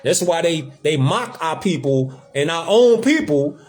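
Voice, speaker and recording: A man's voice: on the high side, lively intonation, unhurried, a little mellow. A man hosting a casual talk, speaking emphatically and with swearing, repeating his points. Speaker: host. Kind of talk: casual conversation, preachy.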